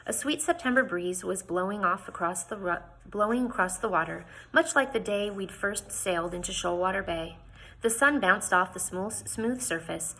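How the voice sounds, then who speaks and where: Woman, home read-aloud of a novel, bright tone with a husky edge. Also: on the low side, poor audio. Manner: expressive, lifts her voice for quotes, small slips and restarts. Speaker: reader reading a novel aloud.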